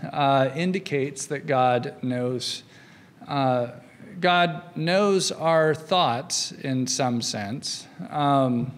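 A man's voice: on the high side, fairly bright tone. A middle-aged man giving a university philosophy lecture in a conversational way, often checking in with the audience with "right?" between thoughts. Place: lecture hall. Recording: long reverb of a lecture hall.

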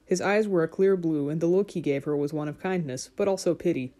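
A woman narrating a fairy-tale audiobook in a measured, gentle storytelling manner. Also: sits low.

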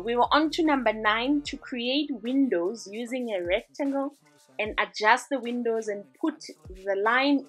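A woman's voice: on the high side, a bit bright, breathy edge. A woman hosting a design tutorial, narrating a screen-recording voice-over in an upbeat, chatty way as she walks through each step.

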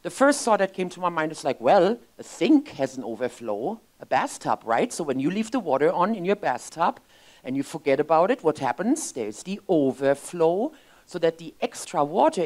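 A woman in her fifties giving an emotional, expressive inspirational sermon as a spiritual speaker in a church. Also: low voice, moderate pace. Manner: expressive, emotional, lively storytelling. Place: church sanctuary.

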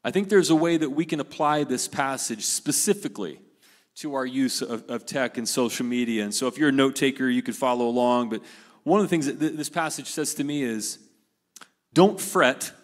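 A man preaching a sermon with earnest emphasis, repeating key phrases and letting his voice fall softly at the ends of lines. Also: mid-range voice, normal speed. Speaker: pastor. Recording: reverberant hall.

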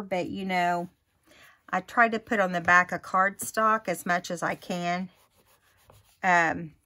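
A woman's voice: mid-range voice, fairly bright tone. A woman hosting a casual crafting tutorial, chatting and thinking aloud as she works.

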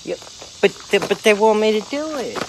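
A man in his twenties, a vlogger chatting in a crude, playful way with loud outbursts, outdoors. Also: sits high, lively intonation, brisk, noisy background. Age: 20s. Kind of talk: casual joking chat.

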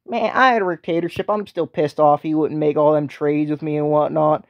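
A man's voice: a little high, steady tone, moderate pace, no echo, dull audio, close to an everyday voice. A man voicing a crude, belligerent co-host who speaks with a put-on accent. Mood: brash, crude. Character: brash foul-mouthed male co-host with a put-on accent.

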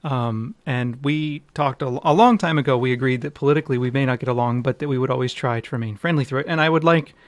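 Male podcast co-host, fast and wry, mid-pitched, dry close mic. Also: dry recording. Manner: fast, joking, talkative. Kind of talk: casual podcast chat.

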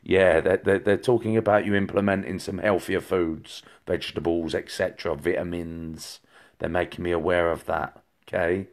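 A psychic medium with a low voice gives a rambling reading on a livestream, addressing viewers directly at a moderate pace and steady tone. His speech is full of fillers and restarts.

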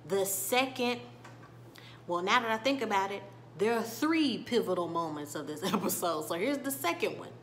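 Female reviewer, casual and chatty, mid-pitched, recapping episodes scene by scene. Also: lively intonation, moderate pace, fairly bright tone, a little hiss or hum. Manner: chatty, retelling scenes and quoting characters with little laughs. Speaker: TV show reviewer.

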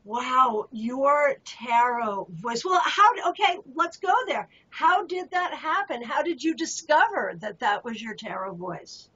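A woman's voice: high voice, expressive, slow pace, few pauses, a bit bright, husky. A woman hosting an interview, asking eager, gushing questions. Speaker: host. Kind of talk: casual interview chat. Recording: muffled lo-fi audio.

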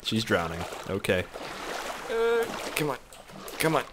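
A man giving excitable, crude let's-play commentary, swearing a lot and joking to himself. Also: medium pitch, a little slow, noisy background. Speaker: gaming video host.

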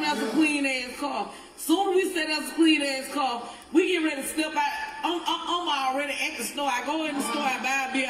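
A middle-aged woman, telling a story in rambling, swearing casual talk, recorded echoey and far from the mic. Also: high voice. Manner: rambling, swearing, laughs as she talks. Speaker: interviewee in a clip. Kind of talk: casual live video talk.

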